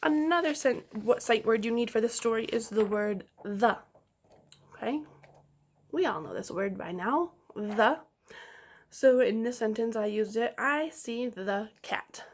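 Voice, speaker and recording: A woman teacher giving a slow, clear phonics lesson to young children, sounding out each letter and inviting them to repeat. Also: a little high, darkish tone, slight background noise.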